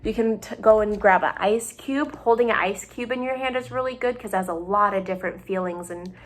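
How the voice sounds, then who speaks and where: A woman's voice: mid-range voice, brisk. A young woman, a psychology doctoral student, talking at home in a patient, plain-spoken way, giving simple examples meant for children. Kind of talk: gentle explanatory talk for families.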